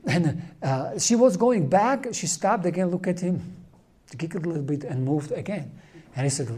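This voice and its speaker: Earnest man with a mellow voice. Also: on the high side, animated, husky. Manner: earnest, halting, with many fillers and restarts. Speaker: lay Catholic speaker. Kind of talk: informal religious talk.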